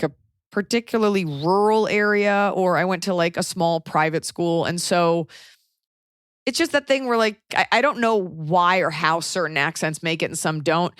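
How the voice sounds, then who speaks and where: A woman's voice: fairly low pitch, no echo, studio quality. A woman from Texas with a light Texan accent, hosting a podcast in casual, rambling chat full of fillers. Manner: chatty, lots of likes and fillers. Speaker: podcast host.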